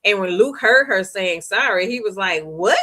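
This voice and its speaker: Bright-voiced woman chatting about a book. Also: mid-range voice, normal speed. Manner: chatty and animated, laughs often, reads viewer comments aloud. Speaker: book club host. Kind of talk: casual book discussion recap.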